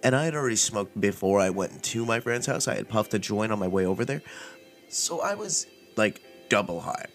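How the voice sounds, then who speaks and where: A man's voice: on the low side, lively intonation, brisk, faint music behind. A man hosting a casual storytelling podcast, telling a story in a laid-back, rambling, profane way. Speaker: podcast host.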